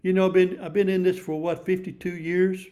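A man's voice: high-pitched, level tone, brisk, dark tone. A man in his seventies preaching a sermon in a folksy, emphatic storytelling manner, often repeating himself. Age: 70s.

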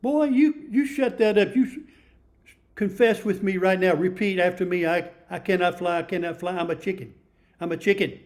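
A man's voice: sits high, moderate pace, darkish tone, natural voice. An older man voicing a stern, bossy mother hen who scolds her child in a storytelling sermon. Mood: scolding. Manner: scolding, insistent.

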